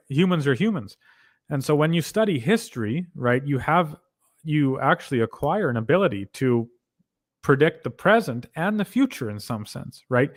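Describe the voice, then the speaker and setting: A man's voice: on the high side, no room sound, clean studio sound. A Canadian man hosting a conversation, explaining ideas in a lecturing way with examples, often checking in with "right?". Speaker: podcast host. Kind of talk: casual conversational commentary.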